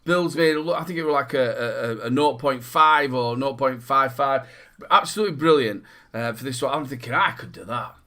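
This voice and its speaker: A man's voice: mid-range voice, moderate pace. A man with a Northern English accent, co-hosting a casual chat, rambling and repeating words as he tells stories. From Northern England. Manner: rambling, repeats words, bursts into loud mock shouting. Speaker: podcast co-host.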